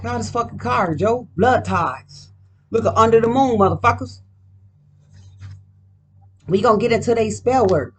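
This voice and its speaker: A woman's voice: a little high, measured pace, long pauses, slightly rough. A woman doing a casual card reading at home, talking in a profane, emphatic, rambling way. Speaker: card reader.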